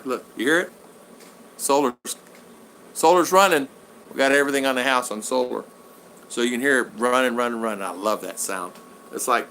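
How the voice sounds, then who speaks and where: A man's voice: on the high side, pushed and bright, slight background noise. An older man from Utah, casually chatting on a livestream from his home and answering viewer comments in an upbeat, rambling way. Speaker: livestream host. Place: home in the Philippines.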